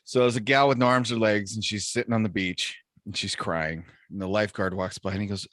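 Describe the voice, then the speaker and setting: A man's voice: lowish voice, steady tone, brisk, hardly any pauses, fairly bright tone, no echo, studio quality. A man co-hosting a podcast, telling jokes in a laid-back, chuckling way. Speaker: podcast co-host. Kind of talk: casual joke-telling chat.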